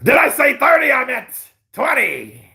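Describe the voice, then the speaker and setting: A man putting on a crude, scheming heavyweight boxer, muttering profanities in a lowered voice. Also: wildly swooping pitch, unhurried, creaky, pushed and bright, exaggerated voice.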